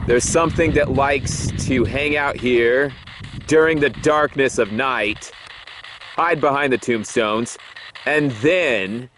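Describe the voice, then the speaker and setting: A man's voice: mid-range voice, slow pace, background noise. A man hosting a paranormal investigation show, narrating a ghost hunt in an earnest, plain-spoken way.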